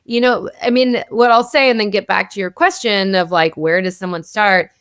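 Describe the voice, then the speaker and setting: A woman psychotherapist talks through her ideas in a relaxed interview, her voice smooth and clear at a middle pitch. She keeps the talk flowing with easy fillers and little check-ins to her listener. The sound is close and dry, with no room around it. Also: normal speed, no echo. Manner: warm, flowing explanations peppered with "like" and "right?". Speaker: psychotherapist and author, guest. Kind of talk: casual interview conversation.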